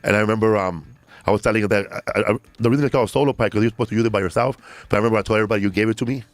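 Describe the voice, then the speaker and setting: A male guest in casual chat who jokes crudely and talks in quick bursts full of fillers. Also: on the low side, no room sound.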